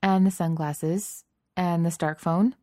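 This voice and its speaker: A woman voicing a tough young heroine with a deadpan, wry way of talking. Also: lowish voice, takes it slowly, dry recording, studio quality. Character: tough, dry-witted young woman hero.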